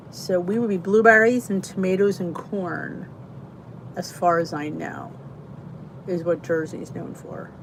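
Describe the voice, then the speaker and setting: A woman talks slowly and chattily on a live stream. She greets viewers by name and stretches out her exclamations. A faint hum sits behind her voice. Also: fairly low pitch, low-quality recording. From Philadelphia, Pennsylvania. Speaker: host of a live chat stream. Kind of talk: casual live-stream chat reading comments.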